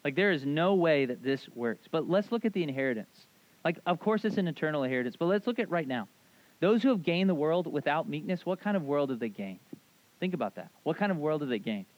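A youth pastor preaching in a loose, conversational way, stacking fillers and tag questions as he tells stories. His voice sits a little high for a man. The recording sounds dull and lo-fi. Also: animated, brisk, dry recording. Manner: rambling, filler-heavy storytelling with frequent "right?". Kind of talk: casual conversational sermon.

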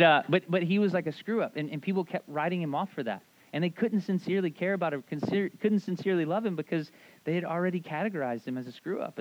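A man preaching a casual, conversational sermon as a youth pastor, rambling through stories with lots of fillers and "right?". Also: on the high side. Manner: rambling, filler-heavy storytelling with frequent "right?". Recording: dull lo-fi sound.

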